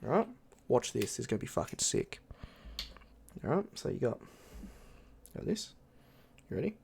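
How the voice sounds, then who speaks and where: A young male streamer talks loosely and excitedly between swear words, with a voice pitched in the ordinary middle range for a man. His talk is relaxed live-stream chatter, and a faint hiss of noise sits under it. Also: moderate pace, vocal fry. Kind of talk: casual live-stream chat.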